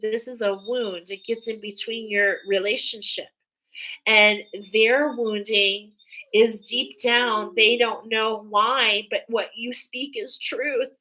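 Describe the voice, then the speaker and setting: A woman's voice: a little high, fairly even intonation, slow pace, bright, forceful tone, rough recording. A woman giving an emotional, hesitant channeled spiritual reading, sighing and restarting as she speaks. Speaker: spiritual reader.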